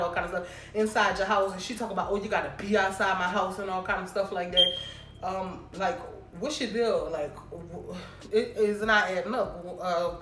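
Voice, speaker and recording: An animated woman vlogger tells a casual storytime straight to her viewers. She talks with emphatic energy, voicing her own lines in a retold argument. The room around her rings with a roomy echo over a faint hiss. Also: mid-range voice. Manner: animated, emphatic retelling with quoted exchanges.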